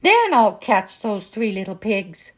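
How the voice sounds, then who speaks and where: A woman's voice: medium pitch, big pitch swings, takes it slowly. A woman voicing an angry, scheming male wolf in a storybook, growling her threats.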